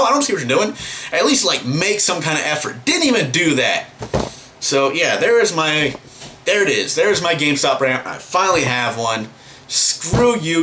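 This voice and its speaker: A man's voice: fairly high pitch, pushed and bright, a little hiss or hum. A man ranting to camera in a vlog, exasperated and profane, full of fillers and restarts. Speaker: vlogger.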